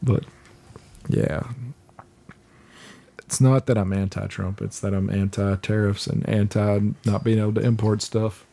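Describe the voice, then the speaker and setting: A man's voice: lowish voice, flat delivery, a little slow, vocal fry, pauses often, mellow, slight background noise. A man co-hosting a casual chat, crude and joking, often trailing off mid-sentence. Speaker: podcast co-host.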